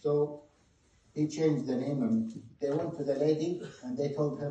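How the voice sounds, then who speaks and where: Guy preaching a sermon, fairly high voice, big echoey hall, mic a bit far off. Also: fairly even intonation, a little slow, slight background noise. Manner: impassioned, swings between loud and hushed. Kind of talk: sermon storytelling.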